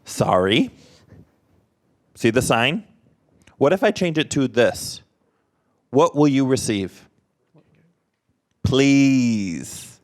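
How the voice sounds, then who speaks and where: A man teaching a workshop in a slow, unhurried delivery. His pitch moves a lot and keeps the talk lively. He throws short questions and prompts out to the room. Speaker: sign language interpreter voicing a presenter.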